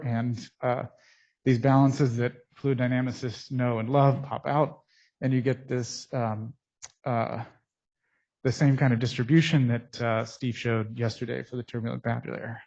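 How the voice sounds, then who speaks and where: Male scientist at a conference mic, mid-pitched, halting and technical, dull muffled sound through a mask. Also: fairly even intonation, a little mellow. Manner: technical, halting with frequent pauses. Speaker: scientist presenting research. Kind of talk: conference lecture. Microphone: speaking into a mic.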